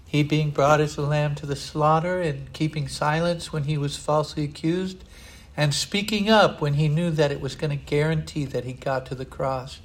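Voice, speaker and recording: Older man, sermon, earnest and digressive, fairly high voice. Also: fairly even intonation, moderate pace. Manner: earnest, digressive, frequent "uh" fillers. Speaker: preacher.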